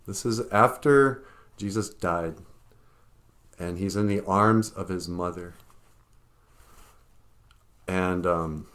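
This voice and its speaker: Slow-talking, emotional man vlogging. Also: low voice, fairly bright tone. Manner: emotional, gets choked up; rambling, laughs often. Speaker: vlogger host. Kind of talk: casual vlog commentary.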